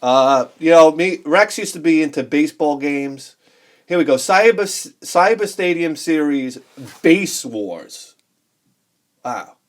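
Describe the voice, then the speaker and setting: A man in his forties with a high, bright voice spins rambling childhood stories in a casual vlog. He gets excitable, laughs often, and jumps into the voices of the people he remembers. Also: takes it slowly. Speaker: video game collector vlogger. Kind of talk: casual storytelling while showing games.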